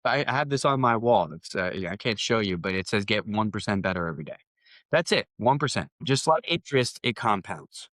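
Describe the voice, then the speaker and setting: A man's voice: medium pitch, expressive, fairly quick, few pauses, fairly bright tone, no echo. A man, a company founder guest on a podcast, telling rambling anecdotes in a casual interview, with restarts and quoted dialogue.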